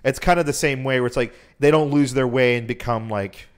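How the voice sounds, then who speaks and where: A man's voice: mid-range voice, brisk, clean tone. A young man co-hosting a podcast, retelling a game's story in a rambling, profane, casual way. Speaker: podcast co-host. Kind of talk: casual chat.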